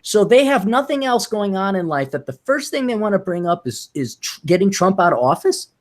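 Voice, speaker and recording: A man talking in a lively, swooping voice that sits a little high. He tells stories with a sardonic, profane edge and breaks into mocking high voices when he quotes people in casual podcast chat. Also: fairly quick. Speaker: podcast co-host.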